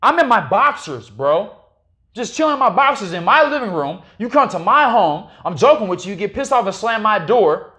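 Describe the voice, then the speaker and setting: A man with a high voice sits in on a casual podcast as a guest. He tells his story with animation and plenty of profanity. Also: very animated, moderate pace, pushed and bright.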